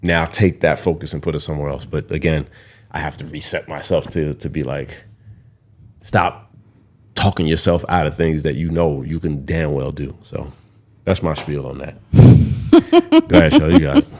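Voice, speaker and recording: A man's voice: a bass voice, sing-song, normal speed, long pauses, darkish tone. A young man hosting a podcast, talking candidly in a rambling, casual way and swearing freely. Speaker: podcast host.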